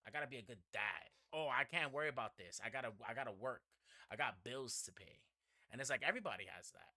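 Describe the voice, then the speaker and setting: A man's voice: medium pitch, animated, quick pace, pushed and bright, no echo. A young man from the Bronx, hosting a casual podcast chat, acting out dialogue and swearing freely as he tells stories. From the Bronx, New York. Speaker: podcast host.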